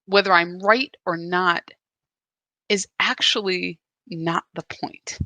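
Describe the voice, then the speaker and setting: A woman's voice: on the low side, steady tone, slow pace, sharp tone, no echo. A woman hosting a live spiritual practice, talking in an earnest, confessional and searching way. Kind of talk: live reflective spiritual talk.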